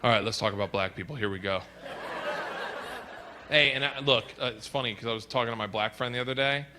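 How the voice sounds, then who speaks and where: A man's voice: mid-range voice, fast, background noise. A man doing stand-up on a comedy stage, telling a joke in a wry, conversational way. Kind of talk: stand-up routine.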